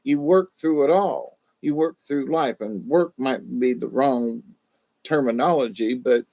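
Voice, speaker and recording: A man's voice: medium pitch, unhurried, creaky, lo-fi sound. Folksy rambling man on a livestream. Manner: rambling, repetitive, folksy, lots of "you know". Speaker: livestream host. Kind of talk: casual rambling livestream chat.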